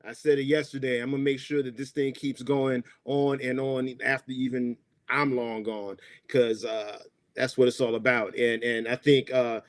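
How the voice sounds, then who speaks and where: A man's voice: mid-range voice, level tone, moderate pace, no room sound. A man hosting an online event in a laid-back, upbeat way, with plenty of "uh"s and "um"s. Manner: laid-back, hype, lots of fillers. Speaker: host. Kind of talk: casual hosting. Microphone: video call. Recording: dry close sound.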